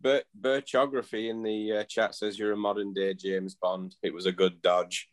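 Low-voiced man with dry quips. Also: little pitch movement, moderate pace, a little hiss or hum. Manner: dry quips, repeats "to be fair". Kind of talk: casual chat with dry jokes.

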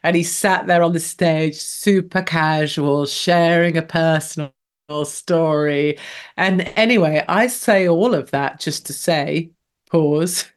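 A woman's voice: sits low, slow. A woman hosting a talk show, chatting casually and enthusiastically and reading out listener comments.

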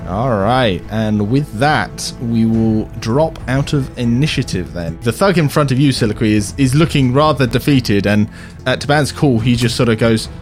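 A man running a tabletop game as game master, describing scenes in a measured way. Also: medium pitch, faint music behind.

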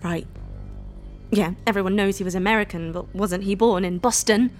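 A woman's voice: medium pitch, fairly even intonation, normal speed, faint music behind, natural voice. A woman playing a sarcastic date. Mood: unimpressed. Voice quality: dry, sardonic delivery. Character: sarcastic, unimpressed young woman on a bad date. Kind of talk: comedic audio drama.

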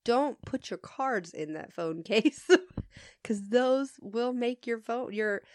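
A woman with a fairly high voice tells an animated story in casual chat. She laughs often and swears freely. The sound is dry and close. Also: takes it slowly, dry recording. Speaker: podcast co-host.

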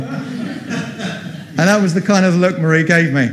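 A man's voice: high-pitched, lively intonation, extremely slow, long reverb tail, a crowd in the background. A middle-aged man preaching a sermon, telling the story with animation and acting out the voices he quotes.

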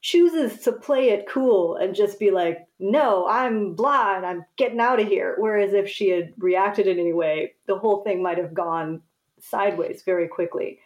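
A woman's voice: medium pitch, normal speed, darkish tone. A woman co-host in casual chat, reflecting on a TV scene and questioning her own reading of it. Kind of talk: casual chat about a TV episode.

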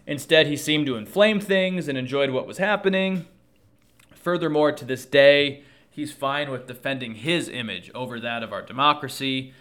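A man delivering an earnest political commentary monologue to his viewers, measured and thoughtful, with frequent fillers. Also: mid-range voice, sharp tone.

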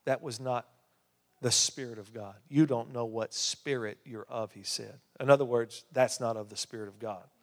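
A male pastor preaching a sermon, with emphatic rises and hushed drops. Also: medium pitch, fairly even intonation, normal speed. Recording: long hall reverb.

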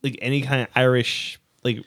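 A man's voice: mid-range voice, steady tone, moderate pace, fairly bright tone, dry recording. Man, podcast guest chatter, rambling, lots of "like" and restarts, dry close sound. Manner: rambling, many restarts and fillers. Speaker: podcast co-host. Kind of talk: casual chat with friends.

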